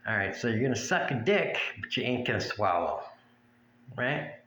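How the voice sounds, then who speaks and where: A man's voice: mid-range voice, sing-song, normal speed, a bit bright. A man ranting in a blunt, crude and mocking way. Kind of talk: profane rant to camera. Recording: echoey room with faint ambience.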